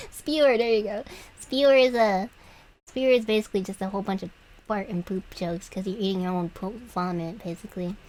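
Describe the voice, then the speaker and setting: A woman's voice: medium pitch, fairly quick, a little mellow, poor audio. Giggly rambling young woman streamer. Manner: giggly, meandering, trailing off with fillers. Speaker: vtuber streamer. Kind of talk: rambling livestream chat while drawing.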